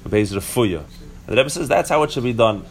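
A man's voice: medium pitch, lively intonation, a little fast, a little hiss or hum. A man giving a casual Torah class to a few listeners, explaining step by step with frequent restarts and rhetorical questions. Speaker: teacher.

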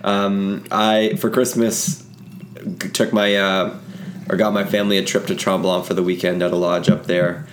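Young man from ontario, lowish voice, casual rambling storyteller, swears. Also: level tone, moderate pace, slight background noise. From Ontario, Canada. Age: young adult. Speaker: podcast co-host. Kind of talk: casual podcast chat.

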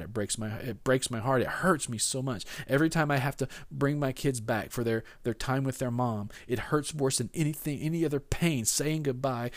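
Pastor, male, mid-pitched voice, chatty sermon delivery with restarts and acted-out quotes. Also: no echo. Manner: conversational, with repeated restarts and playful sarcasm.

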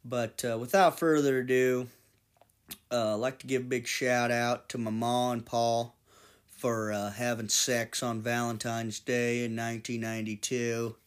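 A man's voice: mid-range voice, little pitch movement, measured pace, smooth. A man in his twenties hosting a podcast alone, rambling casually with constant swearing and jokes. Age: 20s. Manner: profane, rambling, jokey. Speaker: podcast host. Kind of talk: casual monologue.

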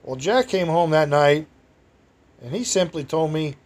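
A man's voice: fairly high pitch, animated, a little slow. A man telling a rambling personal anecdote to an audience, chatty and meandering, breaking into exclamations and chuckles. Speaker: storyteller.

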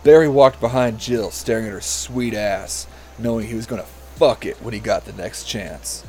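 A man's voice: lowish voice, normal speed, darkish tone, a little hiss or hum. A man hosting a comedy podcast, reading a story aloud and often breaking into giggles.

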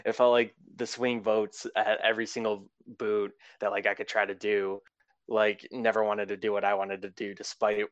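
A young man talking casually in an exit interview about a game he was eliminated from, rambling with lots of fillers in a fairly monotone voice. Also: lowish voice, normal speed, clean tone, no room sound, lo-fi sound. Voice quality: self-described monotone. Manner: rambling, filler-heavy, laid-back. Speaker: eliminated player being interviewed.

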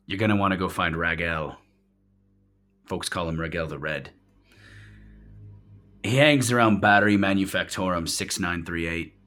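A man's voice: low voice, normal speed, long pauses, pushed and bright, faint music behind. A man voicing a jittery, evasive street dealer in a tabletop game, who keeps repeating himself. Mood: nervous.

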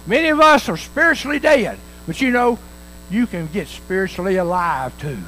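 Lively folksy preacher man, high voice. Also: normal speed, a little hiss or hum, low-quality recording. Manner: folksy preaching, acting out the parable's dialogue. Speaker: pastor. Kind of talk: sermon.

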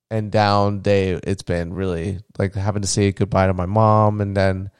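On his casual solo podcast, a man walks through his day in a low, gravelly voice that stays smooth and resonant. The close, dry recording has no room sound. He rambles with plenty of fillers and restarts, growing emotional and tender when he talks about his child.

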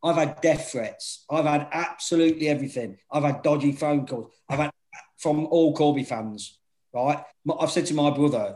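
With a slightly high voice at a moderate pace, a former football manager chats casually, spinning animated stories laced with swearing and acted-out quotes. The recording is rough.

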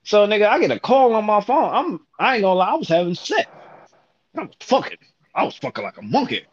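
A man telling a profane story in casual talk, animated and acting out the dialogue. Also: high-pitched, fairly quick, dull audio.

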